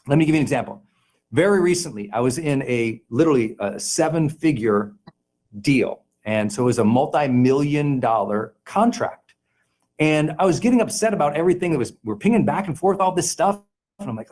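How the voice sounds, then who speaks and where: Male coach, middle-aged, high and expressive, emphatic motivational delivery. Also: moderate pace. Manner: animated and emphatic, acts out quoted people. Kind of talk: motivational talk.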